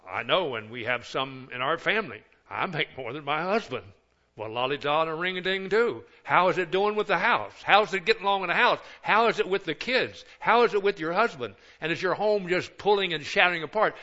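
A man's voice: on the high side, bright, forceful tone, dull audio. An older man, a pastor of many years, preaching a sermon with folksy, joking asides.

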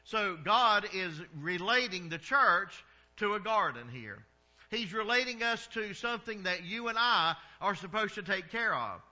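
A man's voice: high-pitched, pushed and bright, lo-fi sound. A middle-aged man with a Southern American accent preaching a sermon in a folksy way, drawing out his vowels and chuckling at his own stories. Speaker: pastor.

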